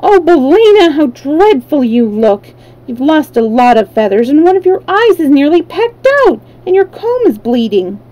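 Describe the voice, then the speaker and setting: Storybook little girl voiced by a woman, prim and proper, high and lively. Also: moderate pace, muffled recording. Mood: reproving. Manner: prim, reproving.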